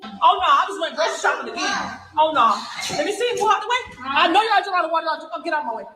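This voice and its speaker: A woman, a mother, loudly scolding her kids at home during a live stream, laughing as she goes. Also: very high-pitched, lively intonation, rapid-fire. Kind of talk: loud live-stream chatter. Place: home kitchen, indoors. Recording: roomy with crowd of kids behind. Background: children talking and moving around.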